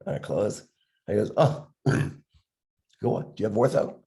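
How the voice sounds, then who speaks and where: An older man, a dentist with a cough from a respiratory illness, telling stories in a podcast chat, acting out the voices in his anecdotes with halting restarts. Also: on the low side, lively intonation, dark tone. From Philadelphia area, USA. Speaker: dentist guest.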